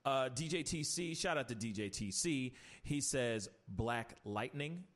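A podcast host with a mid-range voice and a measured pace chats casually. He rants animatedly about TV shows, putting on mocking voices when quoting people.

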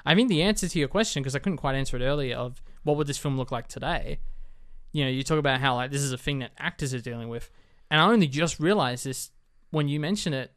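A man co-hosting a film review podcast in casual chat, animated and quick to laugh. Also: medium pitch, clean tone. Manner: animated, laughs often, quotes scenes in voices. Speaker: podcast co-host.

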